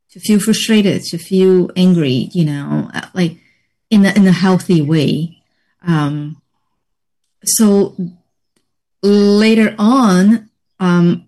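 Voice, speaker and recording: Slow, reflective woman sharing her story. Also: fairly low pitch, a little mellow. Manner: reflective, measured, pauses often. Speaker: interview guest, healing practitioner. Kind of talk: personal story in conversation.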